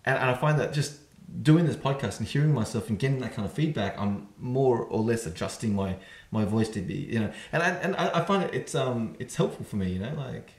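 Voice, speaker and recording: A man's voice: mid-range voice, expressive. A man hosting a casual podcast chat, rambling, restarting often and running his words together. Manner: rambling, restarts often, fast and slurred by his own account. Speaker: podcast host. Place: room at home. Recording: echoey room.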